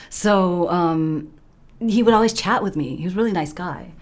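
A woman's voice: fairly low pitch, moderate pace. A woman co-hosting a radio show, telling funny stories in casual chat and laughing often. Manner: animated storyteller, laughs often. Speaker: radio co-host.

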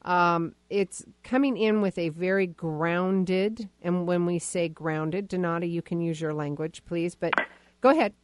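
A woman's voice: lowish voice, fairly even intonation, measured pace, background noise. A woman hosting a podcast, chatting casually and starting over often. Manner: chatty, many restarts. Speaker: podcast host. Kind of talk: casual interview chat.

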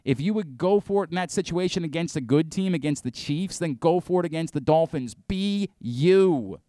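A man's voice: on the high side, fairly quick, warm tone, dry recording, clean studio sound. A man hosting a sports talk radio show, ranting with exasperation and frequent restarts.

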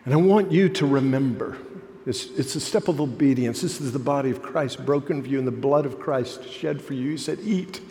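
Pastor preaching in a reverberant church. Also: male voice, medium pitch, brisk. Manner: storytelling, rising to impassioned emphasis then dropping soft. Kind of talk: sermon. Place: church sanctuary. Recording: long hall reverb.

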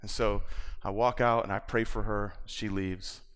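A man's voice: on the low side, fairly even intonation, a little slow, a bit bright, clean tone. A man preaching, telling a personal story with acted-out quotes and laughter. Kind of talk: sermon storytelling. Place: church.

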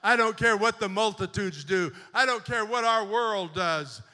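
Fervent high-voiced preaching man. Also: measured pace. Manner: fervent preaching, swinging from quiet storytelling to loud exhortation. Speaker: bishop preaching. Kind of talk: sermon. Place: church sanctuary. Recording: long church reverb.

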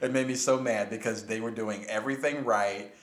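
Man, podcast host, low voice, relaxed, echoey room. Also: a little fast. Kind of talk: casual group discussion.

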